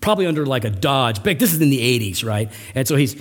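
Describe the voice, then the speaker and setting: A middle-aged man preaching a sermon as pastor, with animated, emphatic rising runs. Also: mid-range voice, quick pace. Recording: long hall reverb.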